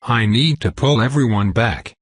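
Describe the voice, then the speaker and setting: A man's voice: mid-range voice, moderate pace, breathy edge, no room sound, natural voice. A man voicing an eager, earnest young male leader in a fantasy audiobook.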